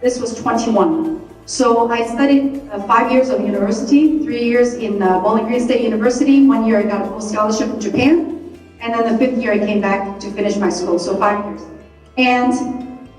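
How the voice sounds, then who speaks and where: A woman with a high voice gives a motivational talk to a live audience at a moderate pace, animatedly acting out the scolding voice in her head. The recording is heavily echoey, captured from a distance in the hall, with faint music in the background.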